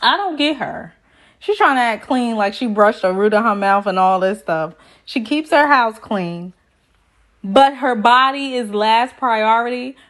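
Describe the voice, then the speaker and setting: A woman's voice: on the high side, measured pace, fairly bright tone. A woman recapping a reality show in a sassy, chatty way, full of slang asides. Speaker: TV recap vlogger.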